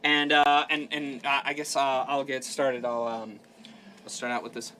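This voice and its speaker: A man's voice: medium pitch, flat delivery, normal speed, sharp tone, faint music behind. A man running a tabletop game, reading scenario text aloud and chatting in an upbeat way. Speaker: game master. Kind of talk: casual game narration.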